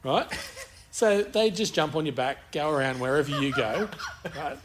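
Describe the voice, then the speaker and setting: Aussie bloke cohosting a podcast, crude and rambly, swears a lot, faint room hum behind him. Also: male voice, on the high side, animated, unhurried. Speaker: podcast co-host. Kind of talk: casual banter.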